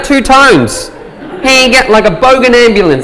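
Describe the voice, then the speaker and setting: An Australian man giving a stage talk with a stand-up bit, telling stories in a lively, joking way. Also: extremely high pitch, unhurried, pauses often, a crowd in the background. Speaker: speaker presenting a talk. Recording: long reverb from a large hall.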